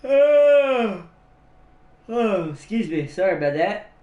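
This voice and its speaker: A man's voice: high-pitched, sing-song, slow, narrow, tinny audio. Rambling, giggly man in an echoey room. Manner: rambling, laughs often at his own jokes. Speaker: streamer. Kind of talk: casual livestream chat.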